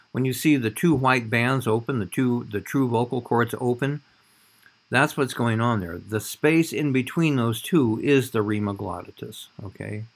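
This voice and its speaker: A man's voice: medium pitch, a bit bright. A man giving a recorded anatomy lecture over slides, talking in a conversational way and often checking in with "all right?".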